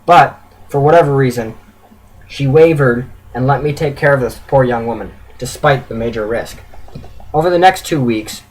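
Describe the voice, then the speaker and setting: Brief: husky male reader, earnest story reading, occasional stumbles, mid-range voice. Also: medium pitch, moderate pace, rough recording. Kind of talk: reading his own written story aloud.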